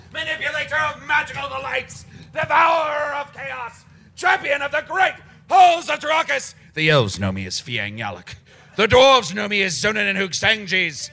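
A man's voice: very high-pitched, pushed and bright, heavily acted. A man playing a pompous, rambling aging wizard in improvised comedy, proclaiming grand titles and trailing off wearily. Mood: grandiose. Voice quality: gravelly, boastful.

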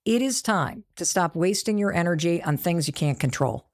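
A middle-aged woman, an author, announcing her new book straight to her audience, emotional and emphatic, with excited sighs and repeated phrases. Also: fairly low pitch, moderate pace. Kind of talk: emotional direct-to-camera announcement.

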